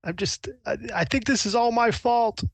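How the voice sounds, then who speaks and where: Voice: medium pitch, moderate pace, dry recording, voice pushed up, natural voice. A game master voicing a frightened young man who stammers and pleads in a panic. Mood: anxious. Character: frightened young man, a mine owner's party-loving son.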